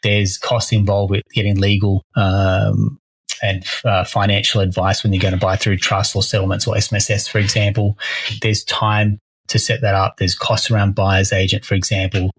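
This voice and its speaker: A man's voice: fairly low pitch, level tone, moderate pace, husky, dry recording, rough recording. A man, co-hosting a casual podcast as a mortgage broker, talking energetically and often restarting his phrases.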